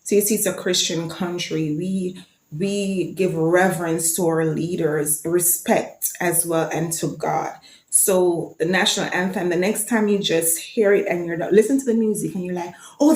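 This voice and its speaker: A woman's voice: fairly low pitch, steady tone, moderate pace, a little mellow, roomy sound. A woman from Jamaica with a Jamaican accent, chatting enthusiastically to her viewers in a casual vlog. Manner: chatty and enthusiastic, sometimes reciting lines. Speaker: vlogger.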